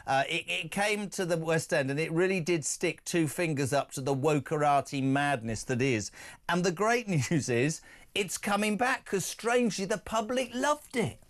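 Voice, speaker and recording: A man's voice: on the high side, lively intonation. A middle-aged man hosting a talk radio show, reading out listener texts with jokey asides. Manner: jokey, quick asides, laughs at own lines. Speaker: stand-in radio host.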